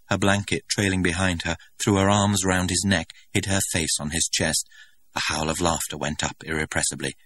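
Deep-voiced male audiobook narrator. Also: steady tone, fairly bright tone, dry recording. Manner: measured, dramatic reading.

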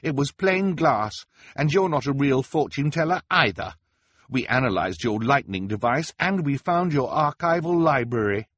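Storybook girl, firm and angry, voiced by a man a few steps higher than his own. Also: expressive, normal speed, a bit bright, no echo. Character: determined young girl, eldest sibling.

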